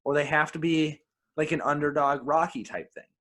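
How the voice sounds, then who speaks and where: A man's voice: on the high side, fairly even intonation, normal speed, fairly bright tone. A man co-hosting a film podcast, chatting casually and with strong opinions, often repeating his first words as he starts a sentence. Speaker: podcast co-host. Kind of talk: casual film review chat.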